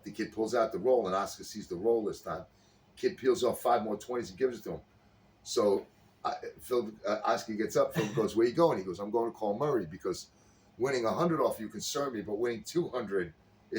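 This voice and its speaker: A man's voice: on the low side, brisk, a little mellow. A man in casual chat, animatedly retelling a sitcom scene and acting out the characters' lines. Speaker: podcast co-host. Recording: slightly distant mic with faint background noise.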